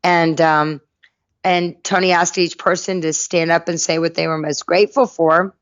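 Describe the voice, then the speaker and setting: A middle-aged woman from North Carolina, a podcast guest telling her life story in a lively way and acting out the people in it. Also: lowish voice, moderate pace, clear, resonant tone, dry recording, highs cut off. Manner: lively anecdotal storyteller, acts out quoted voices. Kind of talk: storytelling interview.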